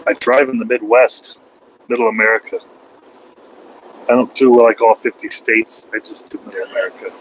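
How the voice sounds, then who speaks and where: Male trucker vlogger, casual rambling delivery, middle pitch, talking in his cab with a faint hum. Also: flat delivery, moderate pace, long pauses, poor audio. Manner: loose and conversational, slangy, repeats himself and trails off. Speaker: truck driver vlogging from the road. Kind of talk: casual rambling vlog chat.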